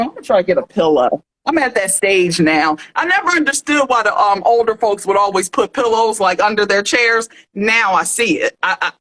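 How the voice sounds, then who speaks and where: Bright, chatty woman hosting a livestream. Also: fairly high pitch. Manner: chatty, greets viewers with terms of endearment. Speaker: livestream host. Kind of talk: casual livestream chat.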